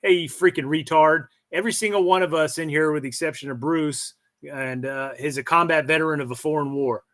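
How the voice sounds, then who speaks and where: A man's voice: fairly high pitch, fairly quick, a bit bright. A man hosting a live stream, ranting in casual chat with blunt, profane language.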